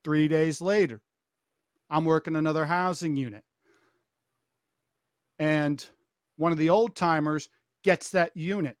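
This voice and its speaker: A woman, a former corrections officer, telling her testimony as a podcast guest in an animated way, acting out the voices she quotes. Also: deep voice, unhurried, pauses often, no room sound, studio quality. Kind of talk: testimony storytelling.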